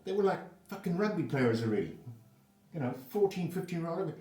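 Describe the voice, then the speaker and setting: Here the storyteller's pitch sits a little high and his delivery is brisk as he casually rambles through a profane tale from his own life. He's an older South African man, recorded from afar with noticeable room echo.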